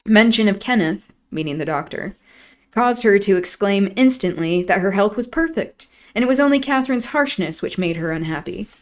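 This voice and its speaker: A woman hosting a stream, reading a classic novel aloud in a measured, expressive narration. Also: medium pitch. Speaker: host.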